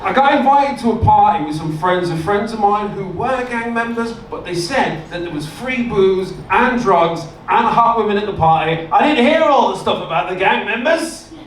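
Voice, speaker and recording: A stand-up comedian tells his stories deadpan and lands punchlines in a high voice. He is heard from a distance in a roomy club, with live-room noise behind him. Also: normal speed, hardly any pauses.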